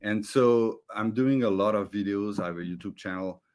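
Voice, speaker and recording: A man's voice: lowish voice, moderate pace, darkish tone. A man with a French accent and French as his first language, a guest in an interview, earnestly explaining with small restarts, speaking over a video call. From France. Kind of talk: conversational interview.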